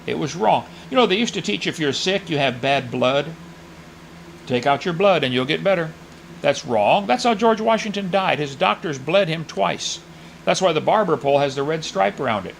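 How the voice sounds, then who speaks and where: A man's voice: on the high side, animated, normal speed, creaky, a little hiss or hum, low-quality recording. A middle-aged man preaching a sermon with Bible readings, folksy with mocking asides.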